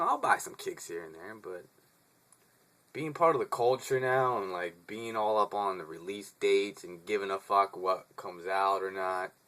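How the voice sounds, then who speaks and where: A man's voice: lowish voice, fairly bright tone. A young man vlogging in a casual, laid-back rant, swearing freely, laughing often and calling the listener dude.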